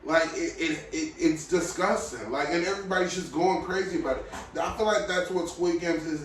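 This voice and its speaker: A podcast host delivers a blunt, opinionated solo rant, dropping to low mutters and then bursting out loudly. His voice sits a little high for a man. The room is strongly echoey, the mic is placed some way off, and a faint hiss runs underneath. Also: moderate pace, far from the mic. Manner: blunt, opinionated, swings between low mutters and loud outbursts.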